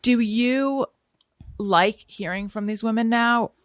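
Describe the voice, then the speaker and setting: A woman's voice: fairly high pitch, takes it slowly, no echo, clean studio sound. A woman hosting a podcast in a casual chat, reacting with short affirmations and musing aloud. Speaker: podcast host.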